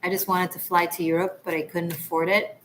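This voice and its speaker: An Israeli woman hosts a tarot livestream, chatting casually with viewers while rambling and laughing. Her voice is lowish and flat, a little fast, on a low-quality recording with slight hiss or hum.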